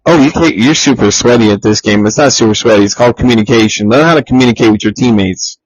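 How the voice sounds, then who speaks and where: A man's voice: medium pitch, fast talker, breathy edge, no room sound, highs cut off. Profane teasing guy. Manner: profane, teasing, animated impressions. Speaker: podcast co-host. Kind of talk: casual chat.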